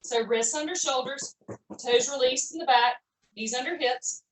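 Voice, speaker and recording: A woman's voice: sits high, normal speed, slight background noise. A woman leading a live online pilates class, chatty and encouraging as she calls out each move. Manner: upbeat, chatty, encouraging coaching with folksy phrases. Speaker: fitness instructor. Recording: echoey room, voice from far off.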